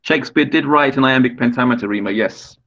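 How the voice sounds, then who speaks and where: A man gives a patient online poetry lecture, explaining things step by step and putting questions to his students. His voice sits at a medium pitch. The video-call audio comes through slightly dull. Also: quick pace, fairly bright tone.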